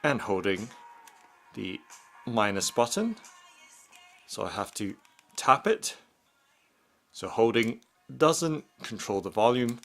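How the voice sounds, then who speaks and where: Slow, methodical man demonstrating headphones. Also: mid-range voice, animated, faint music behind. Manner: slow, methodical step-by-step narration. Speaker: product reviewer. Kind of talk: unboxing demonstration narration.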